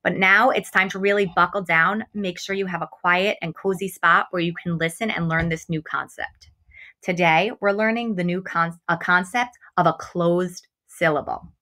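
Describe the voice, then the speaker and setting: A woman teaching a remote phonics lesson to young children. She is encouraging, speaks straight to her students and stretches out example words slowly. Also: lowish voice, sharp tone. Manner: slow, exaggerated enunciation of example words. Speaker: first grade teacher.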